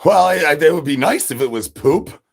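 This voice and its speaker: A man's voice: on the high side, lively intonation, moderate pace, vocal fry. A man livestreaming, rambling crude jokes and talking straight to his chat in a repetitive, joking way. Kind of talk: rambling crude stream banter.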